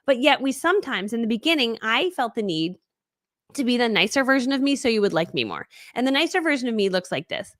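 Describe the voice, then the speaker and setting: A woman coaching a live webinar, fast-talking, bubbly and high-energy. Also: sing-song, a bit bright, no echo, studio quality. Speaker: online business coach.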